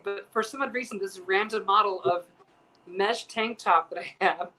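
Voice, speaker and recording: A man with a bright, forceful voice hosts a loose chat show, spinning campy stories with plenty of profanity. He acts out the people in his anecdotes with lively quoted voices. The talk runs loose and conversational. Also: high-pitched, normal speed, low-quality recording. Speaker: host. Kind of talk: casual chat show storytelling. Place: piano bar.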